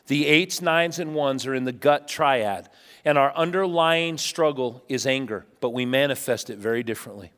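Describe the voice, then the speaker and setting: A male pastor preaching a sermon, telling funny stories and swinging between loud bursts and hushed asides. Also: medium pitch, moderate pace, clear, resonant tone. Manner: animated storytelling with humor, swinging from loud to hushed. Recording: long reverb of a large hall.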